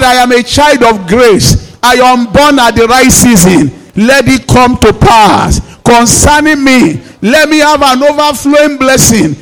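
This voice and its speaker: A male pastor with a Nigerian Yoruba accent, leading a fervent prayer sermon in repeated commands and switching between English and Yoruba. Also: very high voice. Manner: declaring prayers in repeated commands, now and then shouting.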